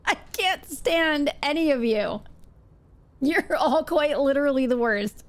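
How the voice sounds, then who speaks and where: A woman's voice: sits high, animated, slow, no room sound. A woman live-streaming a game, chatting casually and playfully and laughing often.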